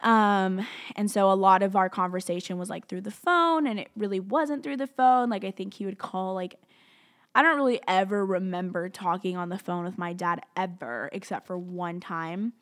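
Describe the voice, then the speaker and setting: A young woman telling a personal story, halting and candid, with many fillers and restarts as she talks openly about her feelings. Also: mid-range voice. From outside the US.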